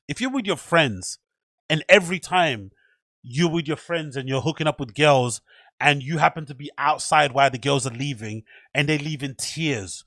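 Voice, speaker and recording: A man's voice: fairly high pitch, fairly bright tone, no room sound. A man hosting a reaction video, ranting bluntly and incredulously with plenty of swearing. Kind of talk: casual reaction commentary.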